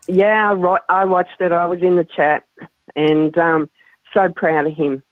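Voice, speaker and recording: A woman, calling in to a chat show and speaking in a calm, emphatic way, repeating phrases for stress. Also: fairly low pitch, a little slow, no echo, phone-quality sound. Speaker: caller. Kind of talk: casual call-in chat.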